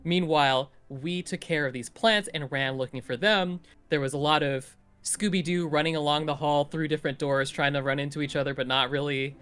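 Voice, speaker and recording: A man casually recapping the last tabletop role-play session for the group, in an animated storytelling way. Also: a little high, brisk, few pauses, smooth, faint music behind. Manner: animated storytelling, playful voices in quotes. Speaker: player giving a recap.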